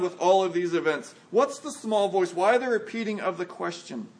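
A man preaching a sermon, measured and deliberate, slowing for emphasis and dropping to a hush on key words. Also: high voice, animated. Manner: measured preaching with slow emphatic phrasing and dramatic drops to a hush. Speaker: pastor.

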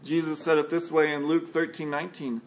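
High-voiced man preaching a measured sermon. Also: flat delivery, a little hiss or hum. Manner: measured preaching with slow emphatic phrasing and dramatic drops to a hush. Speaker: pastor.

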